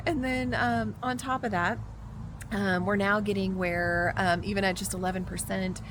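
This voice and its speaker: A woman talking casually in a book vlog, excitable and giggly, with many fillers between her thoughts. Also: medium pitch, moderate pace, noisy background. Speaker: book vlogger.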